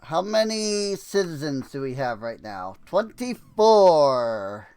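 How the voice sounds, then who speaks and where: A young man chatting his way through a game stream, slow and unhurried, with a smooth, clear voice that sits a little high. He rambles with lots of fillers and laughs often, and his throat sounds a bit dry. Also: very animated. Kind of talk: casual gameplay commentary.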